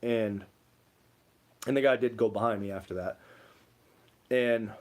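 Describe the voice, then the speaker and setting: A young livestream co-host speaks a little slowly in a fairly low voice with fairly even intonation. He reads viewer comments and tells rambling stories loaded with "like."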